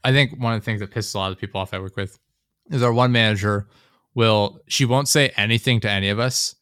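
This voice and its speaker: A young man chatting casually, rambling and sarcastic, often mimicking people in high mocking voices. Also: steady tone, fast, fairly bright tone, smooth, no echo, studio quality. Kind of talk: casual chat.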